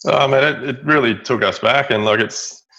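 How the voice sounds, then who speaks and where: A middle-aged Australian man telling a story as an interview guest, halting, with many fillers and restarts. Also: medium pitch, bright, forceful tone. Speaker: guest, building business owner. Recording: dull lo-fi audio.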